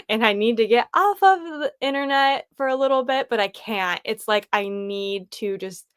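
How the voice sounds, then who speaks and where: A woman's voice: on the high side, lively intonation, moderate pace, hardly any pauses, a bit bright, clear, resonant tone, dry recording, clean studio sound. A woman hosting a casual livestream, chatting and rambling as she thinks aloud. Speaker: livestream host.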